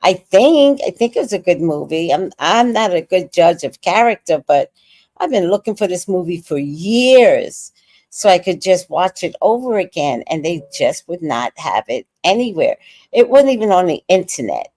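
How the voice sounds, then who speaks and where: A woman's voice: fairly low pitch, sing-song, moderate pace, darkish tone, dry recording. A woman in her sixties hosting a casual livestream, reading viewer comments aloud and chatting about movies. She says she is tired. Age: 60s. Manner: chatty, reacts to viewer comments with laughter and sudden sung bits. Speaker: livestream host reading chat.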